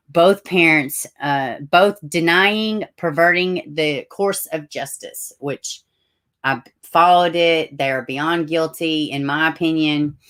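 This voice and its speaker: A woman's voice: low-pitched, fairly bright tone. A middle-aged woman with a Tennessee Southern accent, hosting a casual livestream, reading news aloud with chatty asides and self-corrections. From Tennessee, USA. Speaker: livestream host.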